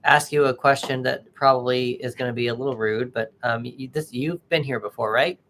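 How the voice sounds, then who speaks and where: Male tarot reader hosting a live stream, casual and chatty with his viewers, often pausing mid-sentence. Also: medium pitch, fairly even intonation, a bit bright, a little hiss or hum. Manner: chatty, halting, greets viewers by name. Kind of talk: casual livestream chat with viewers.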